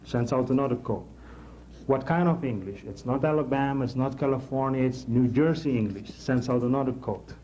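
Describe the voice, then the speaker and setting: A man teaching a technical class in a classroom, halting and repeating words as he explains and checking in with the class. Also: mid-range voice, dark tone, slight background noise, poor audio. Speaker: instructor.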